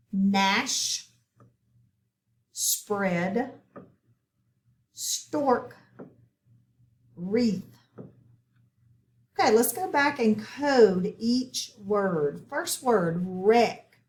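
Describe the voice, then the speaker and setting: A woman walks learners through a phonics worksheet, speaking very slowly and repeating each word with care. Her voice sits a little high for a woman. The room around her is echoey. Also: darkish tone. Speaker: phonics teacher. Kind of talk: slow, deliberate phonics lesson.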